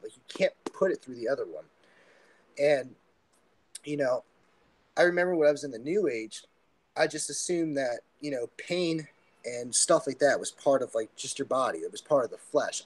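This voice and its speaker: A man telling a personal testimony as a podcast guest, earnest and rambling, often halting mid-sentence. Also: medium pitch. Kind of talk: casual testimony storytelling.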